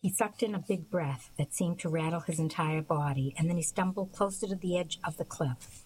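A woman reading a novel aloud as a volunteer radio reader, in an even, unhurried way with small slips. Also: lowish voice, slight background noise, rough recording.

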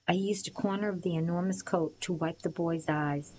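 A woman narrates a storybook in the first person, with a lowish voice and a steady, measured pace. Faint hiss sits under the recording. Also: low-quality recording. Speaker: audiobook reader.

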